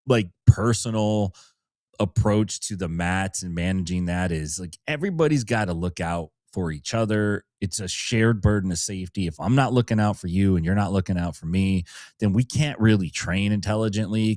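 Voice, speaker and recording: A man's voice: on the low side, no echo. A man co-hosting a grappling podcast as a coach, chatting casually and wryly with laughs mixed in. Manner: wry, joking, laughs while talking. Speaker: podcast co-host and jiu-jitsu coach.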